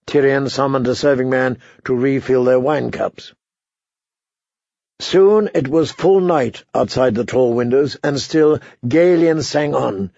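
A man reading a fantasy novel aloud in measured scripted narration, voicing the dialogue lightly. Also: mid-range voice, vocal fry, a little mellow, dry recording, lo-fi sound. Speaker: audiobook narrator.

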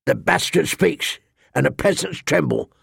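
A man voicing a cruel, mocking master-at-arms with a sharp, cold voice in an audiobook. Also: fairly high pitch, animated, a little slow, creaky, breathy edge, no echo, studio quality, full character voice.

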